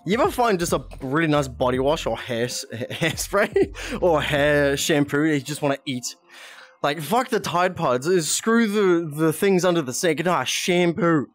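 A man's voice: on the high side, expressive, measured pace. A young man streaming a VR game, chatting casually, giggling often, swearing and reading chat aloud. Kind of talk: casual live-stream chat while playing. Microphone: VR headset mic.

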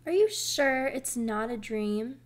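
A woman's voice: on the high side, lively intonation, slow. Meek timid little sister, read by a woman. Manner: meek, fretful, apologetic.

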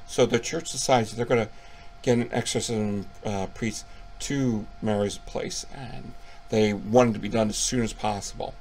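Gravelly, profane horror reviewer man. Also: on the low side, a little hiss or hum. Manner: profane, playful, animated retelling. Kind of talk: casual video review.

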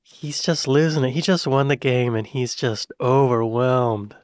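A man's voice: mid-range voice, a little slow, smooth, dry recording, clean studio sound. A young American man hosting a reaction video, talking casually and exclaiming often as he watches. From United States. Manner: excitable, exclaiming, laughs easily.

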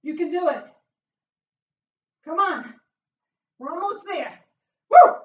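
Woman fitness coach, high and unhurried, out of breath, recorded from across an echoey room. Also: expressive, bright, forceful tone. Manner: upbeat, encouraging, frequent whoops. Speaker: fitness instructor. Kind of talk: workout coaching. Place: home workout room. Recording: echoey room, far from mic, dull sound.

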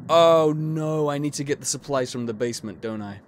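A man's voice: mid-range voice, moderate pace, a little hiss or hum. A man doing horror game commentary, stressed and jumpy, swearing and yelping when startled, his voice breaking. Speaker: gaming streamer.

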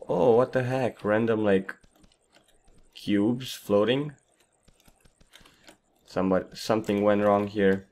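A man hosting a casual gameplay commentary, his voice partly lost, rambling and trailing off quietly. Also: lowish voice, steady tone, slow pace, long pauses. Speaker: gaming channel host.

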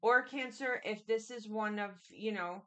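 Woman, tarot reader, mid-pitched voice, casual and repetitive, keeps addressing the viewer directly. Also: measured pace, bright, forceful tone, highs cut off.

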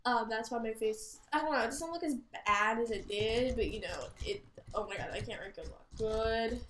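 A woman chatting and rambling through gameplay commentary, giggling and breaking into loud exclamations. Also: a little high, a little fast, a little hiss or hum. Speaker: gaming channel host. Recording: roomy echo.

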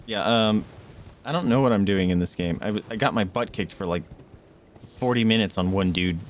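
A man streaming a video game live, reacting excitedly to what happens and chatting with his viewers. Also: on the low side, moderate pace, slight background noise.

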